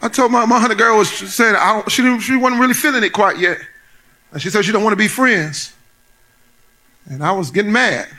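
High-voiced preacher man, bright and lively. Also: fairly quick. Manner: playful storytelling, builds to shouted preaching. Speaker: pastor. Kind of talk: sermon.

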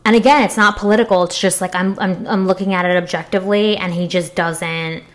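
Young female co-host, loose filler-heavy banter, slightly low voice. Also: fairly even intonation, brisk. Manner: chatty, filler-heavy, frank and joking. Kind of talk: casual crude chat.

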